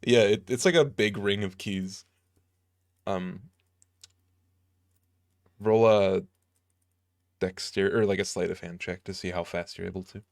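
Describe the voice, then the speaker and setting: Casting: laid-back male game master, low voice, dry close sound, loose halting narration. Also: steady tone, vocal fry, dry recording. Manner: casual, hesitant narration with many fillers.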